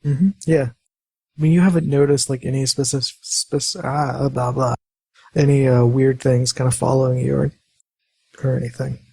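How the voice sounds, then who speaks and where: A man acting as game master of a tabletop role-playing game, talking in a relaxed, hesitant way with many fillers. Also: mid-range voice, moderate pace, gravelly, husky, dry recording.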